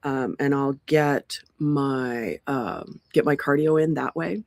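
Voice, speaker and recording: This woman's voice is rumbling low, gravelly and a touch mellow, moving slowly; the sound is clean and studio-like with no echo. She hosts a community livestream from a pine-ringed porch through a laptop mic, chatting in a rambling way and often saying um or starting over.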